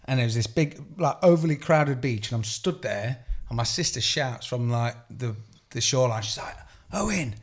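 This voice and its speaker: A man's voice: medium pitch, normal speed, few pauses. A man chatting casually as a podcast co-host, rambling through stories and laughing often, at a table mic in a studio room. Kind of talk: casual chat. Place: studio room under bright lights.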